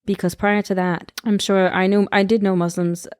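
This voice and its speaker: A woman's voice: medium pitch, normal speed, clean tone, dry recording, clean studio sound. Puerto Rican woman telling a story. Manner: animated, laughing, snarky asides. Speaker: podcast co-host. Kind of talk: casual storytelling chat.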